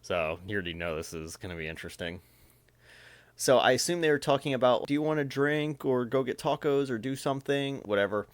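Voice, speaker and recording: A man's voice: medium pitch, expressive, a little fast, no room sound. A man reading texts aloud and commenting on them in a casual, amused reaction video.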